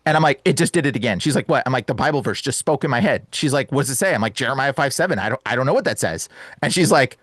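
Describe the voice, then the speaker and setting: A young man recounts a personal story in a lively, rushed way, his voice jumping up whenever he quotes himself, and he breaks into laughter between lines. The sound is dry and close, with no room in it. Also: mid-range voice, dry recording. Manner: animated, laughs often, says "bro" and "dude". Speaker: guest. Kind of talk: excited storytelling.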